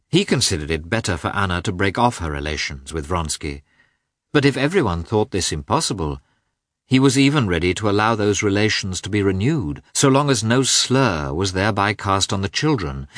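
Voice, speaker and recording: Deep-voiced male audiobook narrator. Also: fairly bright tone, no echo, studio quality. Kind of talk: scripted narration of a classic novel.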